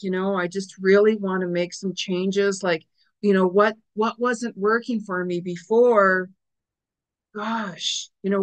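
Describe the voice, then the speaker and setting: A middle-aged woman talks straight to her viewers through a weekly astrology forecast. Her voice sits at a middle pitch. She rambles, piling up fillers and asides as she goes. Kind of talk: casual spoken forecast to viewers.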